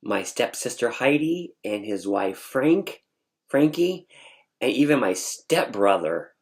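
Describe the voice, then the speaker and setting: Guy vlogger telling a story, animated, keeps restarting and going off on asides, normal mid voice. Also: mid-range voice, slow, gravelly. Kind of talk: casual storytelling recounting a dream.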